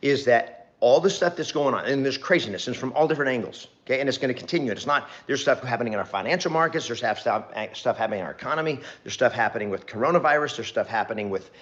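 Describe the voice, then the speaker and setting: A middle-aged man talks straight to camera as a motivational real estate coach, with a voice of ordinary pitch. He is earnest and rambling and keeps repeating phrases to drive the point home. The recording sounds a little dull. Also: animated, quick pace, hardly any pauses, fairly bright tone. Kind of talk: direct-to-camera motivational talk.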